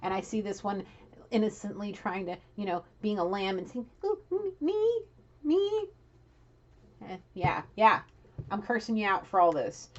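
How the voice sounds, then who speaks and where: A woman giving a casual tarot reading, blunt and profane, scolding and animated as she talks. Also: mid-range voice, normal speed, lo-fi sound. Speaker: tarot reader.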